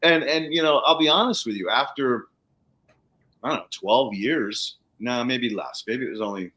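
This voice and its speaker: A man's voice: medium pitch, moderate pace, pushed and bright. Candid, rambling man co-hosting a chat. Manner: candid, rambling, swears casually. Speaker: podcast co-host. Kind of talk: casual livestream conversation.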